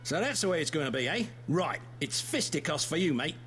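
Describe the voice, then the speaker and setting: A man's voice: fairly high pitch, big pitch swings, a little fast. An actor voicing a brash, cocky male British spy with an exaggerated Cockney accent, in a video game with music behind. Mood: cocky, blustery. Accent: Cockney (put on).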